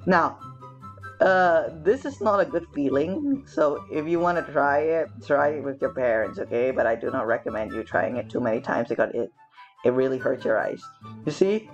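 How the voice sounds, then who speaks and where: A young woman teaching children English, chatting brightly through a phonics lesson and a home kitchen demo. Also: deep voice, sing-song, normal speed, dull audio, faint music behind. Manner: bubbly, chatty, talks straight to children.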